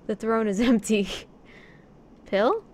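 A woman's voice: fairly high pitch, slow pace, darkish tone, a little hiss or hum. A woman playing a horror adventure game, reading its text and dialogue aloud in her own voice and adding dry joking asides, on a studio mic. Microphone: studio condenser mic. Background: game music.

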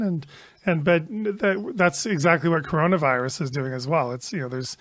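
Guy cohost in a backyard, relaxed, kinda high voice, restarts a lot. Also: normal speed. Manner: easygoing, laughs, restarts sentences. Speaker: podcast co-host. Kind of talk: casual chat. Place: outdoor backyard.

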